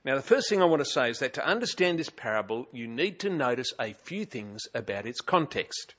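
A man's voice: medium pitch, very animated, fairly quick, a bit bright, highs cut off. A man with an Australian accent preaching a sermon in a conversational, wryly humorous way, with frequent hesitations, in a church. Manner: conversational, chatty, with frequent uh fillers and wry humour. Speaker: pastor.

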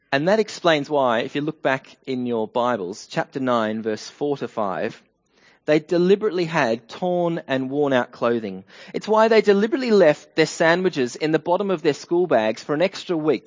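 A man's voice: a little high, muffled recording. A man preaching a humorous, story-filled sermon that includes Bible readings.

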